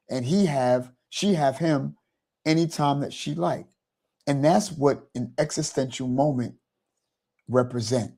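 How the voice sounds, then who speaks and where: Man, host, motivational talk, rambling, mellow tone. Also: mid-range voice. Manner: rambling, repeats "you know".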